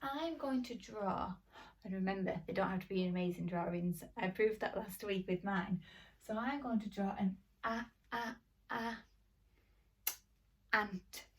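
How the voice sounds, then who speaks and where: A woman's voice: mid-range voice, unhurried. Woman, phonics teacher for small children, sing-song and encouraging, a bit distant from the mic. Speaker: primary school teacher. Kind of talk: phonics lesson for young children.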